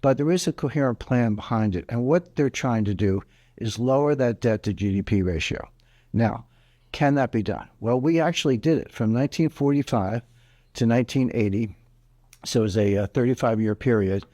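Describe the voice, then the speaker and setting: A man's voice: mid-range voice, animated, normal speed, dark tone, no echo, dull audio. A man giving interview answers on economics in an emphatic, explanatory way, hammering home his key points. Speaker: interview guest, economic commentator.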